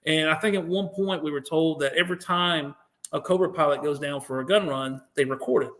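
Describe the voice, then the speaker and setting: American male guest, slightly high voice, animated, swears freely, acts out what others said. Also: fairly quick. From United States. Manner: profane, animated, acts out quotes. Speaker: podcast guest, veteran. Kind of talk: interview storytelling.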